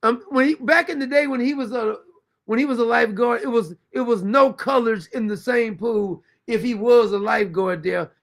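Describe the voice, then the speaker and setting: A man hosting a talk show, commenting loudly and incredulously on played clips. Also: very high-pitched, normal speed, gravelly. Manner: incredulous, loud outbursts, frequent laughter. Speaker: show host. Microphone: streaming mic.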